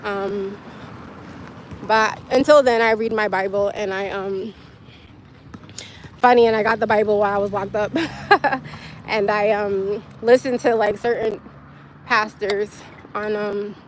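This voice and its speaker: With a medium-pitched voice, fairly even intonation, and a measured pace broken by long pauses, a young woman hosts a casual phone livestream. She talks candidly and wanders as she chats with viewers, laughing frequently. Slight background noise is present.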